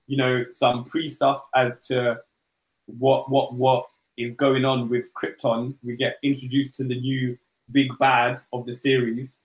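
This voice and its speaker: A man's voice: mid-range voice, monotone, measured pace. Rambling man chatting in an echoey room. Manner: rambling, acts out comic dialogue in goofy voices. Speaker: podcast co-host. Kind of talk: casual comic book chat.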